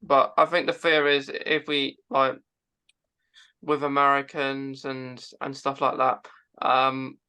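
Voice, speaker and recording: A man, a podcast guest, talking in a halting way with many repeated words. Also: medium pitch, monotone, bright, forceful tone, smooth. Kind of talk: casual chat.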